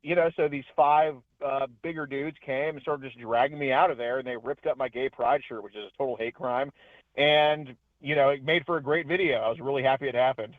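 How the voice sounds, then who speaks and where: A man calling in as a guest, telling his story in a chatty, animated way with frequent laughs. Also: mid-range voice, brisk, no echo. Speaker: guest, independent journalist. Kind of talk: casual phone interview. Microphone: phone. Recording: tinny phone line.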